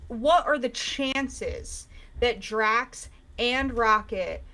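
Animated woman ranting in casual chat. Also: on the high side, drawn-out words.

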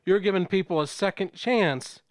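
A man voicing a weary male gunman holding a hostage, gruff and matter-of-fact, in a comedic script read-through. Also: high-pitched, normal speed, dry recording, studio quality, lightly acted. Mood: resigned.

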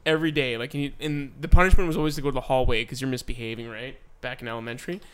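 A young man chats casually on a podcast he co-hosts, racing through school stories in a smooth, mid-range voice. He acts out quoted voices with animation and laughs frequently.

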